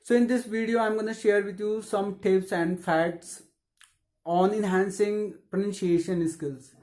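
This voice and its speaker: An English pronunciation teacher in scripted instructional narration, explaining tips in a measured and encouraging way. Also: medium pitch, fairly even intonation, a little mellow.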